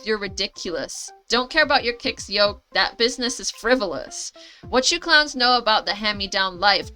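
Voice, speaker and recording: A woman's voice: fairly high pitch, bright, forceful tone. A woman voicing a tough, streetwise teenage girl rapper who talks bluntly in slang.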